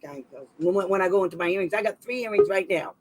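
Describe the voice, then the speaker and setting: A woman hosting a special education advocacy livestream in casual talk, rambling and animated, with quick sarcastic asides. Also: on the low side, low-quality recording.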